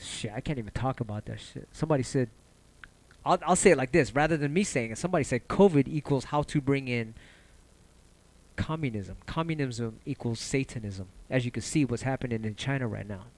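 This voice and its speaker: A man hosting a casual livestream, talking loosely and passionately, cursing often and rambling between ideas. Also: fairly quick. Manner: animated, jumps in pitch when excited. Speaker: livestream host.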